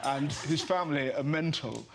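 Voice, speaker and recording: A man's voice: a little high, moderate pace, gravelly, a crowd in the background. An English man in his thirties, a comedian guest telling stories in a chatty, giggly way. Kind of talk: talk show anecdotes. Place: TV studio. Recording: noisy TV studio.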